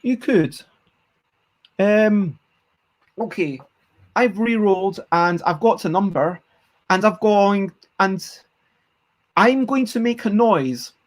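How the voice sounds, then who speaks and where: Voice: mid-range voice, lively intonation, slow, pauses often. A streamer hosting a casual game design session, thinking aloud and counting out numbers. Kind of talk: casual live-stream chat.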